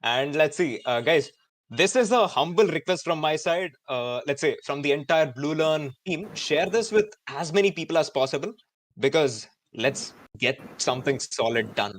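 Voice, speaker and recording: A man in his twenties with an Indian English accent, hosting a live online student event in an energetic, chatty way with many fillers. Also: fairly high pitch, moderate pace, dry recording. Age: 20s. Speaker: host.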